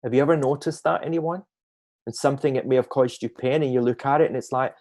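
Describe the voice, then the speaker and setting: A man's gentle, musing voice at middle pitch carries reflective spiritual thoughts over a video call, where he is a guest speaker for a group. To emphasize key phrases, he frequently draws them out slowly.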